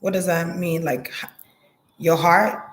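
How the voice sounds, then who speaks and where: A woman's voice: on the low side, steady tone, unhurried. A woman giving a psychic reading in a hesitant, murmuring way, repeating words and trailing off. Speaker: psychic reader. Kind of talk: intuitive reading monologue.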